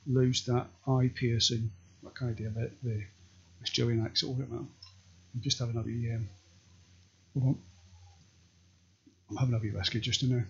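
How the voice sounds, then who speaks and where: Scottish male vlogger, raspy and husky, crude deadpan rambler; muffled lo-fi sound. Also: medium pitch, fairly quick, pauses often. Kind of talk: rambling comic monologue. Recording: dull lo-fi recording.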